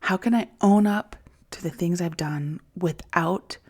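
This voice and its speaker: A woman hosting a podcast, speaking in a candid, reflective monologue that often drops into soft whispers, with casual swearing. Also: lowish voice, a little slow, slightly rough. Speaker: podcast host.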